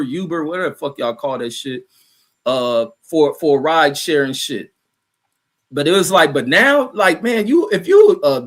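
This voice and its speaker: Profane, rambling man with a fairly high voice. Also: a bit bright. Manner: profane, rambling, many fillers and restarts. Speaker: show host reading live chat. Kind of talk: casual livestream rant.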